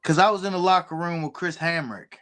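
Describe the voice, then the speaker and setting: A man's voice: on the high side, a little fast, fairly bright tone, faint music behind. A man hosting a casual podcast, laid-back and slangy, often calling his guest bro. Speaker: podcast host.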